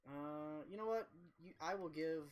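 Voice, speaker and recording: A man's voice: fairly high pitch, measured pace, clear, resonant tone. A young man streaming a game, telling a rambling, profane, self-mocking story in casual chat.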